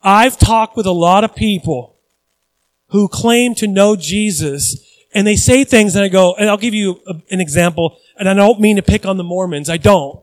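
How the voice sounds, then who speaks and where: A high-pitched man preaches a sermon with lively energy. He acts out the voices of Bible characters and drops in self-deprecating asides, often restarting mid-sentence. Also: moderate pace, dry recording, poor audio. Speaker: pastor.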